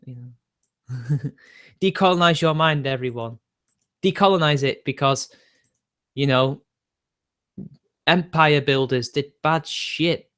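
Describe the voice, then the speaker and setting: A man's voice: fairly high pitch, slow, long pauses, a bit bright, smooth. A young man, arguing defensively with his live-stream chat and laughing between points.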